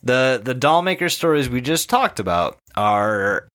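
Lively, bright-voiced man hosting a podcast. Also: mid-range voice, a little slow. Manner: animated, swears freely, excitable. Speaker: podcast co-host. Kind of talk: casual chat.

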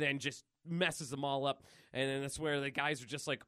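A man co-hosting a comics podcast, retelling a story in an animated, rambling way full of fillers. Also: medium pitch, normal speed, clear, resonant tone, no echo, studio quality. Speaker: podcast co-host. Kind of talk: casual chat, retelling a comic.

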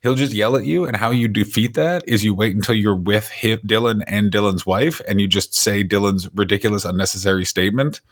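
A man's voice: fairly low pitch, steady tone, fairly quick, few pauses. A man from Canada co-hosting a comedy podcast, teasing his friend and telling family stories. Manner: storytelling, teasing. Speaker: podcast co-host. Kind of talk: casual comedic chat.

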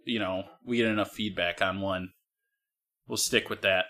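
A man with a bright, forward voice co-hosts a casual podcast chat. He is easygoing and often hesitates, with lots of ums and uhs, and his voice sits a little low. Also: steady tone, moderate pace. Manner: hesitant, many fillers, easygoing. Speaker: podcast co-host.

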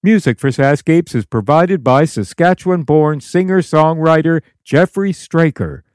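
A man's voice: a little high, measured pace, a little mellow, no echo, clean studio sound. A man hosting a podcast, reading the closing credits in a friendly way. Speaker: podcast host. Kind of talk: scripted outro.

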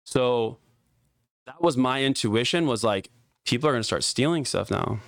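A young man telling a story in casual podcast talk, animated and profane, with lots of "like" fillers. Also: mid-range voice, moderate pace, vocal fry, no room sound, clean studio sound.

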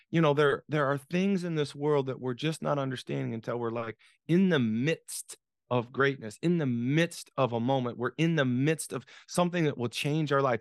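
A man's voice: on the high side, no room sound, clean studio sound. A man in his sixties, a podcast guest, telling a story dramatically with many restarts and repeated words. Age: 60s. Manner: dramatic, repetitive, frequent restarts. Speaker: podcast guest, author and business coach. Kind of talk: conversational storytelling.

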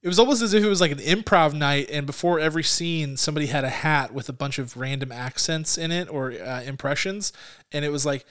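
A young adult man co-hosting a casual movie review podcast, talking in an animated way with quick asides. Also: a little high, clean tone. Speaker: podcast co-host.

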